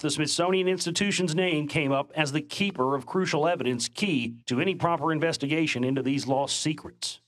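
Male documentary narrator, scripted voice-over, measured and dramatic delivery, a touch high-pitched. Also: a bit bright. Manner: measured, dramatic reading of old newspaper accounts.

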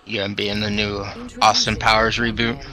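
A man chatting with friends while gaming, dropping deadpan quips. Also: on the low side, brisk, faint music behind. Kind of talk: casual gaming chat with friends.

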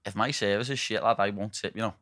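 Bright-voiced Liverpool lad chatting. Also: male voice, lowish voice, steady tone, fast talker, no echo, studio quality. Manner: chatty, tags lines with "lad", laughs often. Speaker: podcast host. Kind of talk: casual chat.

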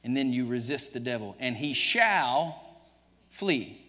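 A man's voice: medium pitch, animated, takes it slowly, pushed and bright. A man with a Southern US accent preaching a sermon to his congregation, emphatic and joking with them, chuckling often. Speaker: pastor. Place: church sanctuary. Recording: church livestream, long reverb.

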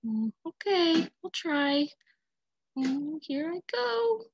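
A woman's voice: high-pitched, very animated, takes it slowly, vocal fry, heavily acted. A woman voicing a small, timid hen who wants to play, speaking in a hesitant, unsure way over dull lo-fi audio.

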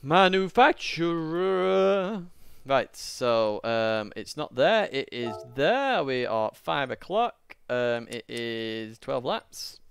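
A man's voice: medium pitch, sing-song, slow, creaky, few pauses, clean tone. Chatty Northern English man streaming races. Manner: chatty, jokey, greets chat viewers by name. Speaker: sim racing streamer. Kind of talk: casual live-stream chat while racing.

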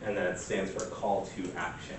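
A man's voice: deep voice, moderate pace, background noise. Chatty man presenting in an echoey room. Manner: relaxed, chatty, many fillers and "like". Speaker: workshop presenter. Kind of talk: casual workshop talk. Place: church meeting room. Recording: echoey room recorded from far off.

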